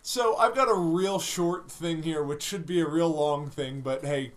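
A man's voice: fairly high pitch, measured pace, heavy background noise. A man hosting a casual podcast chat, joking crudely and laughing with his friends.

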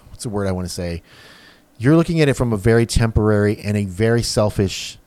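A man's voice: lowish voice, lively intonation, fairly quick, warm tone. A middle-aged man in casual podcast chat, rambling and frank with lots of fillers.

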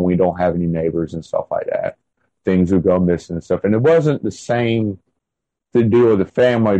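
A man in his thirties recounts events from his own life in an unhurried interview. His voice sits low and mellow, and he rambles, filling gaps with loose asides. The recording is dry and close. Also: no echo, low-quality recording. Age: 30s. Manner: rambling, full of "like" and "and everything" fillers. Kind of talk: casual first-person storytelling.

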